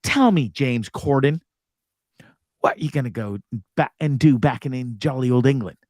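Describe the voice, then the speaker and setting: A man's voice: mid-range voice, normal speed, darkish tone, no room sound, clean studio sound. A man hosting a live talk show, ranting casually with lots of profanity. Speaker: host.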